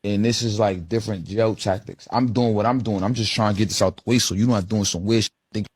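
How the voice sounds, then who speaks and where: A man's voice: on the low side, steady tone, quick pace, breathy edge, dry recording. A man casually telling a loose, boastful street story in an interview clip.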